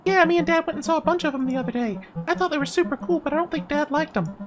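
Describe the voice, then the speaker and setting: A woman voicing an eager, chatty six-year-old girl in a game, speaking in a bubbly, excited way. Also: high voice, racing, over music, pitched above the performer's own voice. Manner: excited, bubbly, broken grammar when reading. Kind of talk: voice-acting a game.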